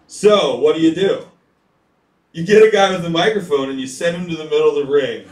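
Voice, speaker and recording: A man's voice: a little high, brisk, far from the mic. A man performing a stand-up set, telling rambling, profane stories and talking to the crowd. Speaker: stand-up comedian. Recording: echoey room picked up from afar with loud crowd.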